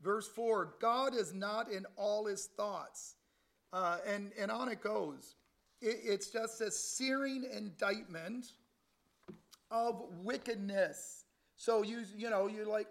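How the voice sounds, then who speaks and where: A man's voice: sits high, slow, vocal fry, a bit bright. A middle-aged man preaching a conversational Bible sermon, reading scripture with animation. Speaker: lay preacher.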